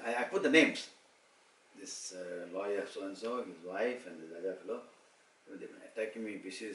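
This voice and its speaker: A man's voice: fairly low pitch, fairly quick. A man in his sixties from Malaysia, telling personal stories at an informal devotional gathering and acting out the dialogue. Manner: animated storyteller who acts out quoted dialogue. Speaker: motivational speaker. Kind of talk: informal devotional storytelling talk. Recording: echoey room, far-off mic, faint hum.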